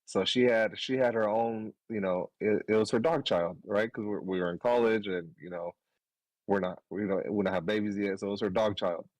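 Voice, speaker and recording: Man, thirties, low voice, casual storytelling, cursing, animated, dry close mic. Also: moderate pace, no room sound, poor audio. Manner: animated, swearing, laughing through the story. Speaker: podcast co-host.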